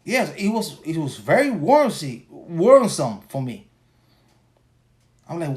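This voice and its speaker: Podcast host, male, 40s, slightly high voice, crude rambling rant, worn out. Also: big pitch swings, measured pace, pauses often, darkish tone. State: tired after a long workday. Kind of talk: casual solo podcast rant.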